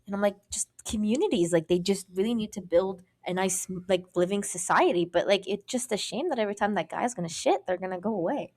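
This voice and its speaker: A woman's voice: medium pitch, a little fast, hardly any pauses. A young adult woman co-hosting a podcast, telling a story in casual chat, cursing freely and acting out what everyone said. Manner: animated, profane, acts out quoted voices. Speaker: podcast co-host.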